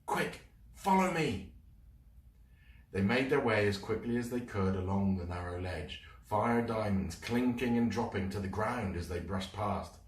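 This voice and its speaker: A man reading a children's book aloud as a storyteller, in an expressive, dramatic way. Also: lowish voice, moderate pace, hardly any pauses. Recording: roomy, mic at a distance.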